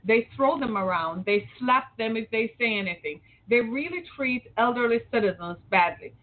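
A woman's voice: on the high side, expressive, normal speed. A middle-aged woman host from the Detroit area, giving an impassioned opinion monologue full of rhetorical questions. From Metro Detroit, Michigan. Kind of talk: opinion talk show monologue. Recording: tinny phone-like audio.

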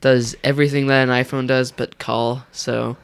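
A teenage man co-hosting a casual home podcast, teasing his friend with quick jokes. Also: mid-range voice, level tone, vocal fry, clear, resonant tone, no room sound, clean studio sound. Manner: teasing, quick joking remarks. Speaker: podcast co-host. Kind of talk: casual chat.

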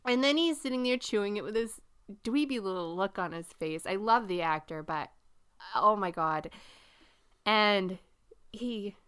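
Middle-aged woman podcast co-host, bright and smooth, laughs through her stories. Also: mid-range voice, unhurried. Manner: animated storyteller, laughs often. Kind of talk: casual chat.

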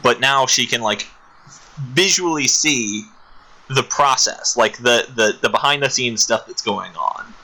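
A man co-hosting a podcast in casual chat, retelling a story with animated little voices and frequent laughs. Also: mid-range voice, measured pace, rough recording. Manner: laughs often. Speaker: podcast co-host.

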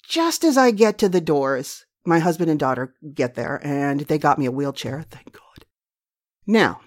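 A woman with a low, deep voice tells her own story as a host. She is middle-aged, blunt and profane, and she laughs at herself. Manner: candid, profane, self-mocking. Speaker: podcast host. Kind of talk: personal storytelling monologue.

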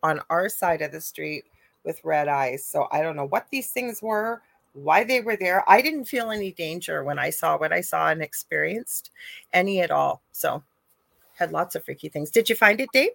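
A middle-aged woman co-hosting a live chat, telling a ghost story in an animated way. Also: deep voice, normal speed, creaky, no room sound. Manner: animated storyteller, acts out quoted voices. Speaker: co-host, psychic medium.

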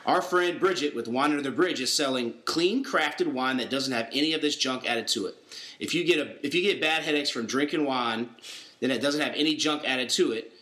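A man's voice: mid-range voice, brisk, sharp tone. Jokey man hosting from a roomy basement. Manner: jokey, laughing, rambling asides mid-read. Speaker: podcast host. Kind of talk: casual podcast chat and loose ad read.

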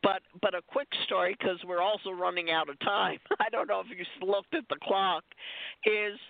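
A female stunt performer, calling in by phone, tells rambling, digressive stories in a casual chat. Her mid-range voice is creaky, steady in tone, and at normal speed, over a dry, tinny phone line.

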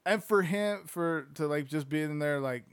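A man reading a sports book aloud, breaking off into excitable, profane, slangy asides. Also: fairly high pitch, moderate pace, clean tone, dry recording.

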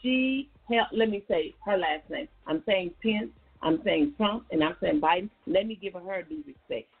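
A woman's voice: fairly low pitch, moderate pace, breathy edge. A woman hosting a call-in radio talk show, speaking in a folksy, casual way and often calling her listeners y'all. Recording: tinny phone-like radio line.

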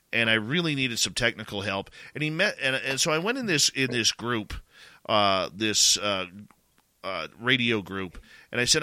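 Bright-voiced Canadian radio host, man. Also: mid-range voice, dry recording. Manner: rambling, full of restarts and "you know". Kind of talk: casual radio talk, thanking partners.

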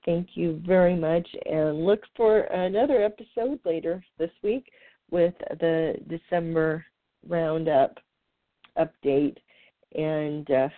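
A woman hosts her podcast in a casual, reflective way, sincere and a little hesitant, with small filler pauses. Her voice sits fairly low. The sound is dry and narrow, like a phone line. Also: no room sound. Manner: earnest and heartfelt, with frequent filler pauses. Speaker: podcast host.

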